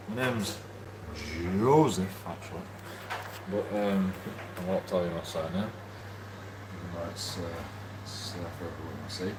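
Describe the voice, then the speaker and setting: A man's voice: sits low, moderate pace, pauses often, reverberant, background noise. A man, drunk and angry, ranting rambling and swearing to camera in a vlog from a shared house. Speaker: YouTube channel host.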